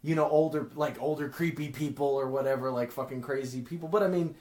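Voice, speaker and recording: A man's voice: medium pitch, fast, a little mellow, reverberant. A man who is a podcast guest, chatting casually in a rambling way, full of "like" and restarts. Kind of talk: casual chat.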